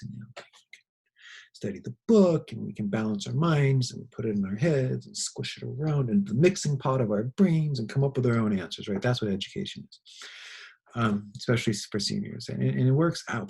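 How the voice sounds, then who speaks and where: A middle-aged man, a high school teacher, giving a casual lecture in a rambling, animated storytelling way. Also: moderate pace, gravelly, husky, rough recording. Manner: rambling, animated anecdotes with laughs.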